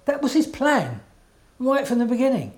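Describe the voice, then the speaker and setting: A man's voice: very high-pitched, wildly swooping pitch, normal speed, darkish tone. A man preaching a sermon in an earnest, emphatic way, often checking in with his listeners.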